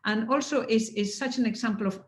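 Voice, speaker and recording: A woman giving heartfelt closing remarks on a video call, earnest and halting, with many restarts and moments of emotion. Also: a little high. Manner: emotional, laughing softly. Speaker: speaker at a network anniversary. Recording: roomy echo.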